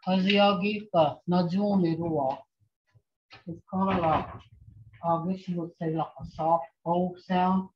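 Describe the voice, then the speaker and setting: A woman teaching a language class online, speaking slowly and patiently and repeating phrases for her students. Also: on the low side, steady tone, a little hiss or hum. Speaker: language instructor. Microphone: video call. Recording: dull lo-fi video call audio.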